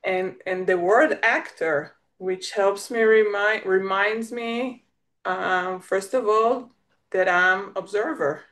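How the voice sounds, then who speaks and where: A woman with an Israeli accent, a native Hebrew speaker, talks in a reflective conversation, often pausing and restarting as she looks for words. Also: mid-range voice, a bit bright. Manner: searching for words, restarts, light laughs. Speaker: guest.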